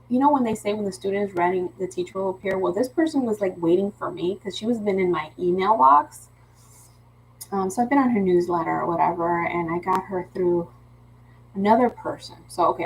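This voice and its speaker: A woman's voice: mid-range voice, a little hiss or hum, low-quality recording. A woman with a Philadelphia accent hosting a live craft stream, chatting in a rambling way with frequent restarts and easy laughter. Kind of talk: casual livestream chat.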